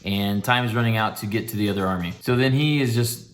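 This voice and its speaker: A man's voice: lowish voice, quick pace. Laid-back man reviewing a movie. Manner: laid-back, rambling, wry asides. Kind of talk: casual spoken review.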